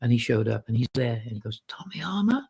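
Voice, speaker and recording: Man guest storyteller, gravelly, husky, animated, acts out the people in his story. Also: medium pitch, fast talker, rough recording. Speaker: podcast guest. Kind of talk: storytelling in casual conversation.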